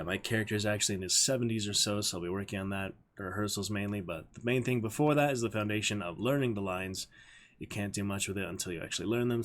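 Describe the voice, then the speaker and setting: A man's voice: fairly low pitch, a little hiss or hum. A man streaming casually as he learns his stage lines, thinking aloud and repeating the script again and again. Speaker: streamer and community theater actor.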